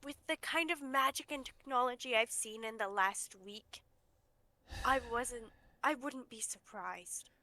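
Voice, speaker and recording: A woman's voice: fairly high pitch, sharp tone. A woman voicing a distrustful young woman reproaching her uncle in a tabletop game. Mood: reproachful. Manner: measured, reproachful. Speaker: player.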